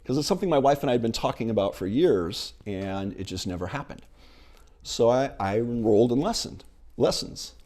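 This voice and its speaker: A middle-aged male minister giving a sermon, retelling a film scene in an animated storytelling manner. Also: mid-range voice, a little fast.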